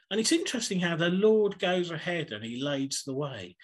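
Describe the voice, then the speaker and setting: A man preaching a sermon over a video call, telling stories in a husky voice and acting them out. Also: high-pitched, moderate pace, few pauses. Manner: animated, acts out stories.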